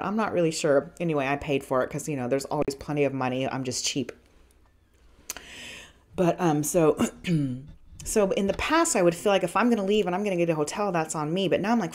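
Female podcast host, middle-aged, lower register, blunt and profane confessional monologue, loose and rambling. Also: animated, fairly quick. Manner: frank and profane, with many restarts and fillers. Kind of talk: candid personal storytelling.

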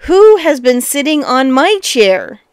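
A woman's voice: sits high, very animated, slow pace, dry recording, studio quality, exaggerated voice. A woman doing an indignant middling-sized bear.

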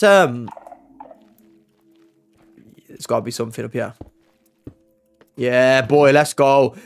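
A young man giving live gameplay commentary, swearing, yelping and screaming in panic, and talking to his chat. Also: fairly high pitch. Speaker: gaming YouTuber.

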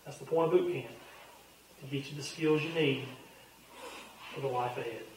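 Earnest pastor in an echoey room. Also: male voice, mid-range voice, moderate pace, far from the mic. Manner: folksy, earnest, conversational with frequent fillers. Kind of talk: casual Bible study teaching. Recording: very echoey room, voice off-mic with faint hum.

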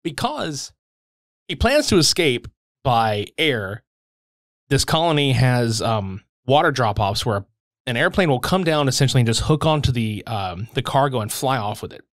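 A man's voice: mid-range voice, very animated, normal speed, no room sound, studio quality. A man hosting a film podcast, casually recapping the plot and swearing freely. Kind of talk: casual film-review chat.

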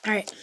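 A woman's voice: medium pitch, fairly bright tone, a little hiss or hum. A woman chatting casually from her bedroom as she shows off her toy collection, bubbly and rambling, with whispered asides. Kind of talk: casual chat.

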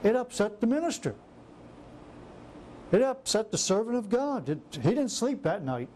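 A man's voice: sits high, moderate pace, a little hiss or hum. A man preaching a sermon who acts out scripture scenes in different voices. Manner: animated, acts out biblical quotes in varied voices.

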